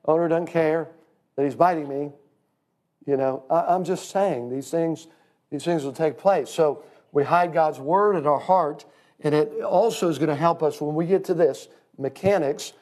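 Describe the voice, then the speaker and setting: A man's voice: fairly high pitch, moderate pace, darkish tone. A man teaching a church class in a sermon style, folksy and emphatic, calling his listeners friend.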